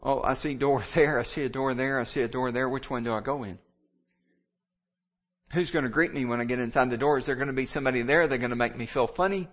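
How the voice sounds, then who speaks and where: A man's voice: medium pitch, fast talker, close to an everyday voice. A nervous first-time church visitor, full of uneasy questions, as a man acts him out in a sermon. The voice stays close to his natural mid-range tone, and the recording sounds dull and lo-fi. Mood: anxious. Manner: anxious, questioning.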